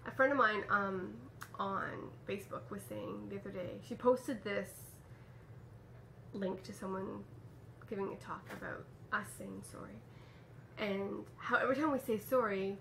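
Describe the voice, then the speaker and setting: A woman's voice: mid-range voice, gravelly, a bit bright, a little hiss or hum. A woman from Canada hosting a knitting podcast, chatting casually at home with fillers and restarts. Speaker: podcast host. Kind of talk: casual chat. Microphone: camera mic.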